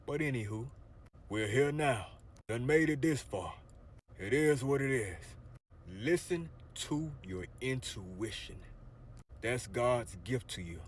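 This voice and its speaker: Animated man preaching from his car. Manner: animated, preachy, swings from loud outbursts to low murmurs. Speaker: storyteller, spiritual vlogger. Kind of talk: casual storytelling to camera. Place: inside a parked car.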